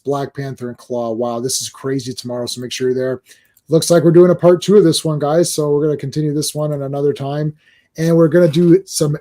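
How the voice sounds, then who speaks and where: A man hosting a casual livestream chat, excitable and rambling, with lots of restarts and "like". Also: on the high side. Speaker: host.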